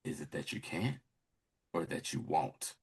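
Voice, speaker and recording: A man voicing a quiet, manipulative middle-aged man in a low, hushed, coaxing tone. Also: very animated, a little slow, gravelly, husky, full character voice. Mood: menacing.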